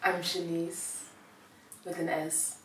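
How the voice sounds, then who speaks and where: A woman's voice: fairly low pitch, level tone, takes it slowly. A nineteen-year-old woman, telling stories in a candid, casual conversation full of "like". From born in Germany, grew up in Ireland. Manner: casual, lots of "like" fillers, storytelling. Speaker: documentary subject. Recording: roomy, loud music underneath.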